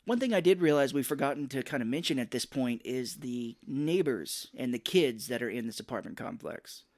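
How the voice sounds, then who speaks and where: A man co-hosting a podcast, casually retelling a film plot and jumping into high voices for the characters. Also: animated, a little fast. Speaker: podcast co-host. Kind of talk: casual movie recap chat.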